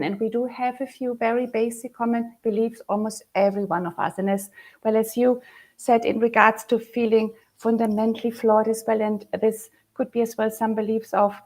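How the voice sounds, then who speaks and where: A woman co-hosting a live discussion, affirming her guest and calmly explaining with fillers. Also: a little high, normal speed.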